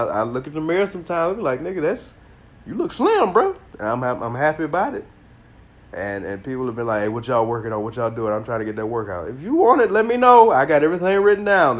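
A man hosting a casual solo podcast, telling stories in a loose, profane, animated way with a congested voice. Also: medium pitch. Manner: animated storytelling, slangy and profane, bursts of laughter. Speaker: podcast host.

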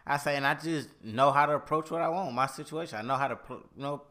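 A man co-hosting a podcast, telling stories in a casual, halting, slangy way with many restarts. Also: a little high, bright, forceful tone. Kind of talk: casual chat.

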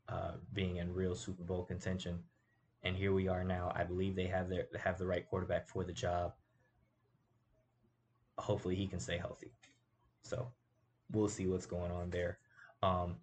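A man's voice: sits low, a little mellow, a little hiss or hum. A man hosting a casual sports commentary show, talking emphatically and tossing rhetorical asides to his audience.

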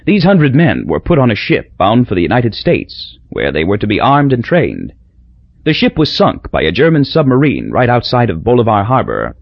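A man reading an audiobook in a wry, measured storytelling voice. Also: medium pitch, huge pitch swings, gravelly, breathy edge, no echo, muffled recording. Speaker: audiobook narrator. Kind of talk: scripted narration.

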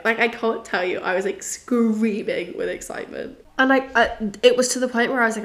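A woman's voice: mid-range voice, a little fast, fairly bright tone. A young woman from England, hosting a podcast, chatting and telling a story with lots of giggles and fillers. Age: young adult. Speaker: podcast host. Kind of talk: casual storytelling monologue.

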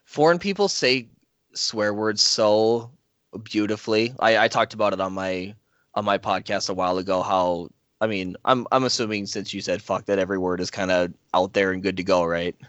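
A man's voice: fairly low pitch, normal speed, a bit bright, no room sound, lo-fi sound. Chatty upbeat man on a podcast. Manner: chatty, upbeat, laughs often. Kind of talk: casual podcast chat.

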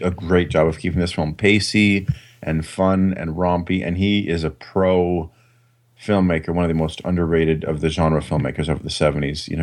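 A man's voice: low voice, darkish tone. A man co-hosting a film podcast, chatting casually and joking crudely, often tacking "man" onto his sentences. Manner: laid-back, crude joking, says "man" a lot. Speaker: podcast co-host. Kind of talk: casual film review chat.

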